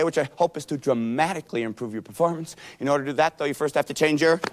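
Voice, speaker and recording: A man's voice: on the high side, quick pace, few pauses. A man giving a self-help seminar lecture in a folksy, playful storytelling manner. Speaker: seminar speaker.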